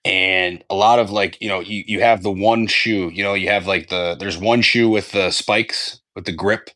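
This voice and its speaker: A man's voice: low voice, fairly even intonation, normal speed, sharp tone, dry recording. A man hosting a sports podcast in casual chat, rambling and swearing freely. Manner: rambling, profane, self-correcting. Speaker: podcast host.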